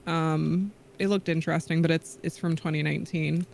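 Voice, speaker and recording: Guy guest on a stream, kinda high raspy-fry voice, lots of ums. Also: flat delivery, moderate pace, slight background noise. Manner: easygoing, hesitant, many ums and self-corrections. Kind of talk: casual live-stream chat.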